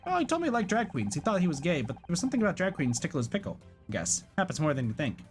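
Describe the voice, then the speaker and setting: Man putting on a brassy drag queen woman, high and flamboyant, game voice. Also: wildly swooping pitch, very fast, music in the background. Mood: chatty. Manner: flamboyant, sassy. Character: brash bold woman drag performer.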